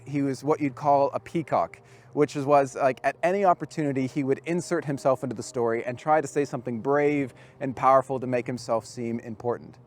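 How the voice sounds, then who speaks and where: A man giving a lively storytelling sermon to a youth camp. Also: on the high side. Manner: storytelling, lively with acted quotes. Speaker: youth speaker.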